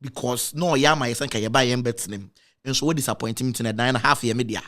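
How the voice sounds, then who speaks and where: A man's voice: quick pace, sharp tone. A man with a Ghanaian accent telling an emotional personal story, repeating himself and mixing in Twi phrases. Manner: emotional, repetitive, with dramatic pitch swings. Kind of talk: emotional storytelling, switching between Twi and English.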